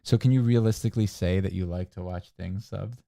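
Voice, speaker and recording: A man's voice: low voice, brisk, creaky, dark tone. A man co-hosting a casual livestream, opinionated and ranting with frequent laughs. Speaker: livestream co-host.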